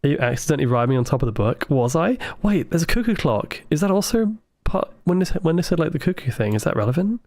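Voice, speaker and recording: A man livestreaming a puzzle game, thinking aloud with excited asides to his chat. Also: fairly high pitch, fast, few pauses, no echo. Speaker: game streamer. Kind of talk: live gameplay commentary.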